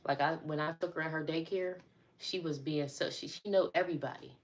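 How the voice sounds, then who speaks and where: A woman's voice: low voice, steady tone, a little fast. A middle-aged woman chatting casually on a live stream, talking to her viewers as y'all.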